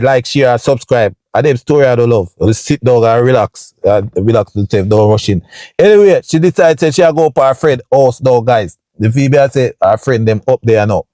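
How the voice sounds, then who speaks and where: A man's voice: mellow, dry recording, studio quality. Chatty Jamaican man telling a story. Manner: chatty, keeps addressing viewers with "you see me" and "people"; acts out sounds and voices with big jumps up in pitch. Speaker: storytime vlogger. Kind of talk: casual storytelling to camera.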